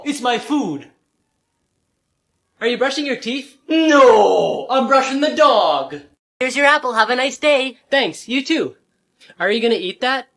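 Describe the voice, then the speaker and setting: A man from San Diego performing short comedy skits, playing every part with sarcastic deadpan comebacks. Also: very high voice. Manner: sarcastic deadpan comebacks, switching between characters. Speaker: comedy creator.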